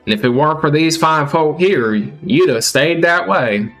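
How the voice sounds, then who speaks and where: A man's voice: on the high side, expressive, a little slow, a bit bright, faint music behind, pitched above the performer's own voice. A man voicing a hospitable old country father in a put-on Southern US drawl, folksy and drawling.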